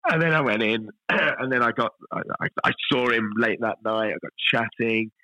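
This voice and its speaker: A middle-aged man, a chef guest telling stories in a relaxed podcast interview, self-deprecating and full of restarts. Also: medium pitch, moderate pace, no room sound, poor audio. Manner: chatty, self-deprecating storyteller with frequent restarts.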